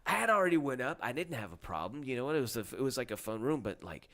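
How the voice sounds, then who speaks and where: A man's voice: medium pitch, fast talker. A man co-hosting a casual chat show, telling stories with lots of swearing and acting out the people in them. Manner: animated storyteller, swears a lot, acts out quotes loudly. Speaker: podcast co-host, comedian.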